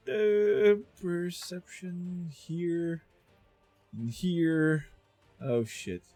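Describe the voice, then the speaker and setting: Guy running a tabletop game, slow and lively, dry mic, faint music. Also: high voice. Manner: laughing, hesitant, many fillers. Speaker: game master.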